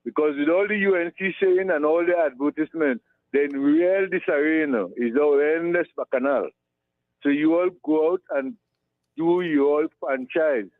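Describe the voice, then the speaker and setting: A Trinidadian man calling in to a radio show, giving rambling, affectionate shout-outs and repeating his words. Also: fairly high pitch, normal speed, no room sound. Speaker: radio caller. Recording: tinny phone line.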